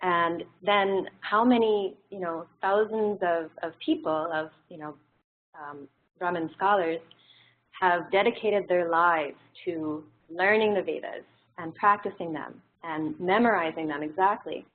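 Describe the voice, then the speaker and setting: A woman teaching a classroom lesson in a relaxed, explanatory way, pausing on frequent fillers. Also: on the low side. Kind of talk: classroom lecture. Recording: tinny phone-like audio.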